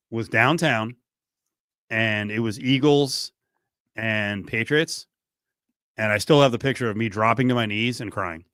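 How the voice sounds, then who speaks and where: A middle-aged man hosting a sports radio show in a studio, joking and animated. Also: on the low side, no echo. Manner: animated, joking, swings from mutter to near-shout. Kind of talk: casual sports talk. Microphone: studio mic.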